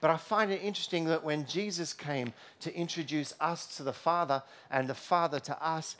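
A man's voice: a little high, moderate pace, fairly bright tone. Storytelling preacher man. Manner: storytelling, with frequent fillers and restarts. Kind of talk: sermon. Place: church.

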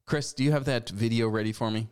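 A man's voice: mid-range voice, fairly even intonation, fast talker, clean tone. A man in his forties hosting a talk show, giving sarcastic, scolding commentary. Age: 40s. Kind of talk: opinion commentary.

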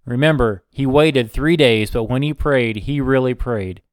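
A man preaching a Bible sermon, slow and emphatic, repeating short phrases. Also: mid-range voice, clean tone, no echo, studio quality.

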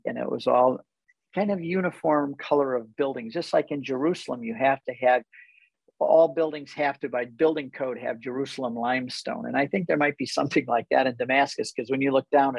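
Man, earnest and reflective, husky voice, conversational storytelling. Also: medium pitch, dry recording, rough recording. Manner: earnest and reflective, easily moved. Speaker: guest who leads tour groups to Israel.

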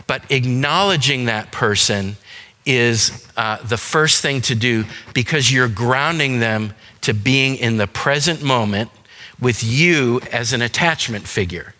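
Bright-voiced man lecturing in an echoey hall. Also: medium pitch, a little slow. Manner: conversational, explanatory, with frequent "um" and "you know". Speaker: seminar speaker on dementia caregiving. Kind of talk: church seminar lecture. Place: church seminar room.

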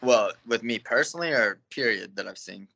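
A man's voice: mid-range voice, animated, fairly quick, vocal fry, pushed and bright. A young man, a guest fighter, telling stories in a laid-back, casual interview, with plenty of fillers and swearing.

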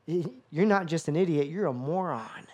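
A man's voice: fairly high pitch, normal speed, darkish tone. A man preaching a sermon with an emphatic, repetitive cadence. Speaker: pastor.

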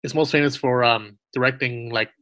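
A man's voice: medium pitch, fairly even intonation, a little fast, pushed and bright, no echo. A man co-hosting a casual chat, rambling through his points. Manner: rambling, many fillers and restarts. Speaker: podcast co-host.

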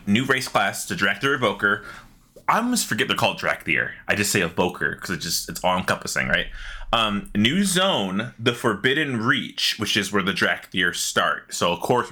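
A man co-hosting a casual gaming podcast, talking loosely and swearing, sometimes chewing as he speaks. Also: fairly low pitch. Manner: animated, swearing, eating while talking. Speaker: podcast co-host.

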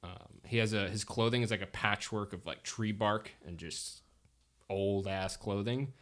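A man's voice: fairly low pitch, measured pace, fairly bright tone. A man running a tabletop game as game master, narrating casually with many restarts and fillers.

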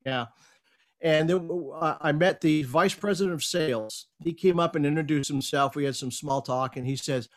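Animated middle-aged man telling a story. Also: fairly high pitch, normal speed. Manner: animated storyteller, acts out quoted lines. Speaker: podcast guest, speaker and coach. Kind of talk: casual interview storytelling.

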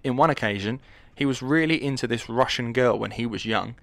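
A man's voice: medium pitch, brisk, gravelly, fairly bright tone, dry recording. A man hosting a casual, joking history podcast, rambling and swearing freely as he tells the story.

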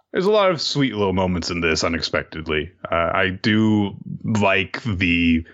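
A man co-hosting a podcast, casually recapping comic chapters in a relaxed way with frequent agreeing murmurs. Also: low-pitched. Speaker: podcast co-host. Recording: dull lo-fi mic.

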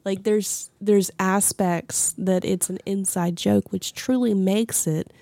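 A woman's voice: mid-range voice, fairly even intonation, slow, creaky, warm tone, dry recording. A young adult woman co-hosting a podcast in casual chat, laughing often and restarting sentences as she talks. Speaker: podcast co-host.

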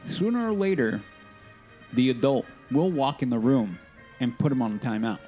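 Mellow-voiced man, passionate co-host. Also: mid-range voice, sing-song, normal speed, faint music behind. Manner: passionate, emphatic, repeats himself. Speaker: podcast co-host. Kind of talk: casual chat.

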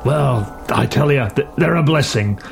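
A fond, chatty father of five rambles on about his brood in a tabletop horror game, as a man puts him on. His voice is gravelly, with a faint musical bed underneath. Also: mid-range voice, unhurried, music in the background. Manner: rambling, repeating words.

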